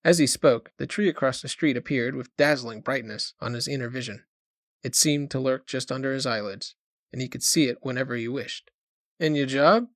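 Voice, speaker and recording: A man reading a short story aloud as an audiobook narrator, in a measured storytelling manner. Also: medium pitch, a bit bright, no echo, studio quality. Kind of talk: scripted narration.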